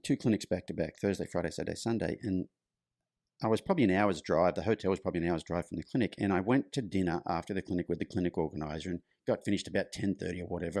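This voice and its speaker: Middle-aged man, low voice, casual guest spinning a chatty yarn, dry close mic. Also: dry recording. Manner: lively anecdotal storytelling, loose and chatty. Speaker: guest, horse clinician. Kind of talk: storytelling in conversation.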